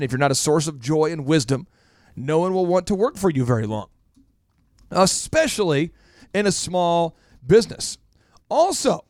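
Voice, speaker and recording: A man hosting a business talk radio show as a coach, speaking in an animated way and repeating phrases for emphasis. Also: high voice, no room sound, studio quality.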